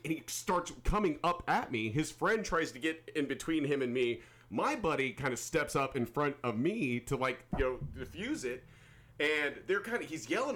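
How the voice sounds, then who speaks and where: A man hosting a podcast, telling a bar-fight story in profane, animated casual chat, shouting out the quoted lines. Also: fairly high pitch, normal speed. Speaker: podcast host.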